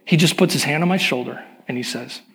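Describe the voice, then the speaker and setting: Middle-aged pastor guy, kinda high voice, telling stories honestly in a sermon, big hall echo. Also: quick pace, fairly bright tone. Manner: candid, confessional storytelling. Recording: long hall reverb.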